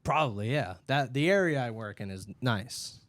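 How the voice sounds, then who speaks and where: Animated male comic telling stories. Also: medium pitch, normal speed, no room sound. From Boston. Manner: animated storyteller acting out customers' voices. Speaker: podcast co-host, comedian. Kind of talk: casual chat, storytelling.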